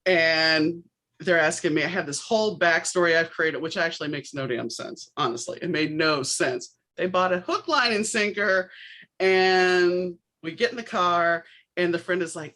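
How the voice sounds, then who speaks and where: A woman's voice: fairly low pitch, normal speed, fairly bright tone, rough recording. A middle-aged woman from New Orleans hosting a podcast, telling stories casually and acting out the other people in them. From New Orleans, USA. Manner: acts out the quoted voices in her stories. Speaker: podcast host. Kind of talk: casual conversational storytelling.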